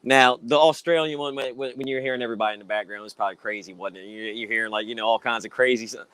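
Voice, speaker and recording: A man in his thirties hosts a casual video-call interview, telling animated stories and laughing often. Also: mid-range voice, rapid-fire, clean tone, dry recording. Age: 30s. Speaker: interview host.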